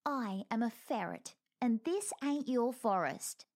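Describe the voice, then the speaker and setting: A woman's voice: high voice, big pitch swings, slow pace, dark tone, voice pushed up, full character voice. A woman voicing a cheeky, bored female ferret who answers coldly and bluntly in a storybook reading.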